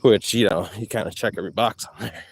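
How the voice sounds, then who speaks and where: A man vlogging live outdoors while jogging, slangy and animated, a bit out of breath, talking into a body-worn mic. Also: fairly low pitch, quick pace, creaky, a little hiss or hum.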